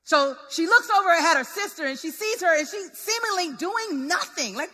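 A woman preaching a sermon in a lively, conversational, relatable way. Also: very high-pitched, normal speed, hardly any pauses. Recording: long hall reverb.

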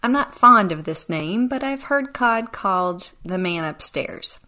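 A woman's voice: medium pitch, lively intonation, a little slow, sharp tone. A woman hosting a devotional podcast, speaking in an earnest, reflective way that sometimes sinks to a near whisper. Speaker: podcast host.

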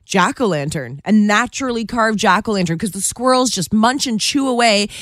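Radio co-host, woman, playful entertainment chat, very animated pitch, dry studio sound. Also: moderate pace, no room sound. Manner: lively, playful, laughs often. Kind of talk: casual entertainment news chat.

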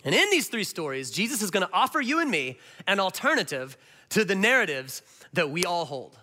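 Male pastor, sermon, high voice, bright tone, animated storytelling. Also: fairly quick. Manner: animated storyteller with big swings in voice.

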